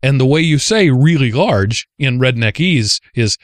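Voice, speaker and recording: A man hosting a casual podcast, telling stories in an animated way. He grew up in the Southern United States. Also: a little slow, no echo, clean studio sound. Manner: animated storyteller, lively rises in pitch. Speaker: podcast host.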